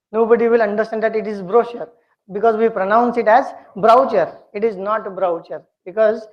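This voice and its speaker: A woman teaching a pronunciation lesson, speaking slowly and deliberately and repeating words for her students to copy. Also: medium pitch. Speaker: English communication skills teacher. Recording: dull lo-fi lecture recording.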